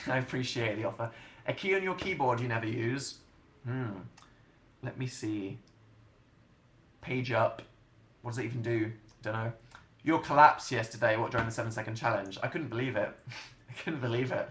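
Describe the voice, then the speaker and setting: A man's voice: medium pitch, normal speed, fairly bright tone, a little hiss or hum. A young English man hosting a casual livestream, rambling and self-mocking as he answers chat questions. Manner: rambling, self-mocking, chatty with frequent laughs. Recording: roomy home webcam sound.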